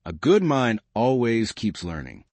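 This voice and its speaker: A man voicing a shrewd, gentle elderly spinster sleuth in a storybook reading, speaking softly and kindly. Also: mid-range voice, huge pitch swings, a little slow, dry recording, exaggerated voice. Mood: gently probing. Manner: soft, kindly, probing.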